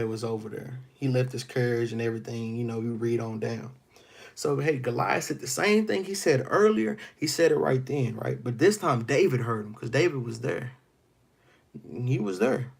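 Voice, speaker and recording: A man leads a Bible study in a gravelly, husky voice. He reads a passage aloud and then retells it in casual street slang. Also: mid-range voice, a little mellow. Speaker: Bible teacher.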